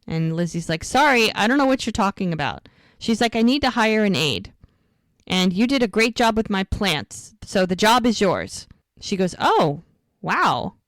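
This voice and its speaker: A woman co-hosting a rewatch podcast, casually retelling scenes and quoting the characters in quick bursts. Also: medium pitch, no room sound, clean studio sound. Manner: chatty, quotes characters in quick lively bursts. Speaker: podcast co-host recapping episodes.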